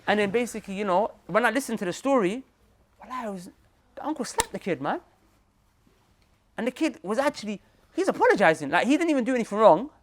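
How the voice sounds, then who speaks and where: A young man preaches to a roomful of listeners as a Muslim preacher, his lively motivational talk running in a quick, restless stream. His pitch leaps up and down while he repeats points, drops street slang, and keeps turning to the audience in an animated way.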